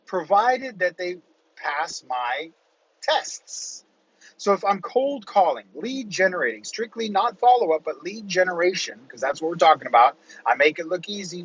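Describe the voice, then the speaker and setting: A middle-aged man and real estate coach in a casual motivational monologue, rambling and conversational, often checking in with a quick "right?". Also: sits high, a bit bright, muffled recording, a little hiss or hum.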